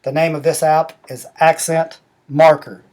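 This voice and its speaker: A middle-aged man walking through a language-learning app step by step, explaining rules slowly and methodically. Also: a little high, little pitch movement, darkish tone. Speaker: app demonstrator. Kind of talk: screen-recorded app tutorial.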